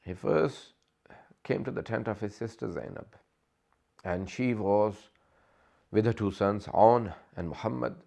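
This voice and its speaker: A man's voice: lowish voice, measured pace, gravelly, long pauses, mellow. A man delivering an emotional religious sermon, telling the story with impassioned, rising delivery. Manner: impassioned storytelling, voice rising and straining when quoting. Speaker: speaker.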